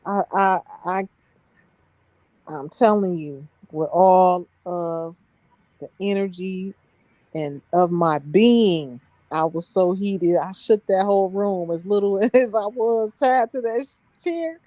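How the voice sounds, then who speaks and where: A woman's voice: mid-range voice, slow pace, dark tone, no room sound. A woman telling a story on a live stream in an emphatic, heated way, laughing between points.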